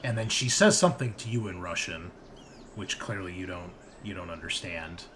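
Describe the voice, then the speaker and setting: A man's voice: deep voice, normal speed, fairly bright tone, a little hiss or hum. A man running a tabletop game as game master, describing the scene to players in a loose, rambling way. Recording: tense background music.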